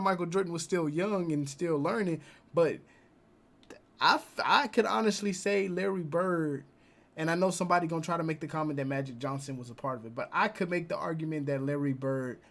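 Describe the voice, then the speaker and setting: A young man hosting a reaction video, talking casually with slang and arguing his points. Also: a little high. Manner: casual, uses slang like "bro", argues points.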